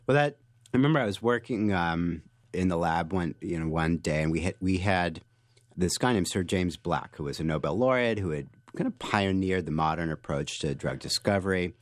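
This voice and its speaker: A man being interviewed as a guest author, telling stories with lively energy and frequent restarts. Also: deep voice, moderate pace, dry recording. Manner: animated storyteller, restarts often. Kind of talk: interview answers.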